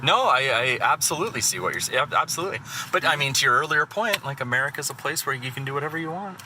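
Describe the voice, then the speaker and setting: A man talks agreeably and carefully from the back seat of a car, recorded on a phone. His voice moves around a lot in pitch. Steady road noise runs underneath. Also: fast. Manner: agreeable, hedging. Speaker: podcast host interviewing. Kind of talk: casual conversation.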